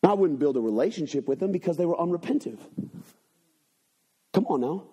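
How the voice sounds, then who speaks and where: A man preaching a sermon to his congregation from a church, swinging between loud, urgent passages and low, hushed ones, with call-and-response phrases. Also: lively intonation, fairly quick, breathy edge. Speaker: pastor. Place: church sanctuary.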